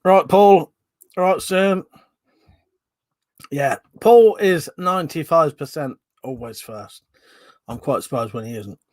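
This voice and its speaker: A man hosting a casual live stream, chatting and greeting viewers by name, with loud greetings and quieter mumbled asides. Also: fairly high pitch, slow pace, pauses often, dry recording.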